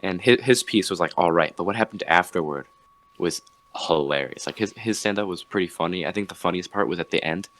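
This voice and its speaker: A man's voice: deep voice, brisk, a bit bright. A young man on a podcast, chatting casually and telling a rambling story with many restarts. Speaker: podcast host. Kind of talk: casual chat.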